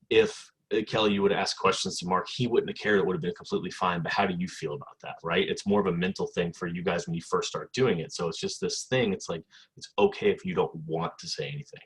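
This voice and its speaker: A man's voice: deep voice, fairly bright tone, husky. A man hosting a casual podcast chat, rambling and reassuring as he tells stories. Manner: rambling, reassuring, laughs while telling stories. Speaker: podcast host.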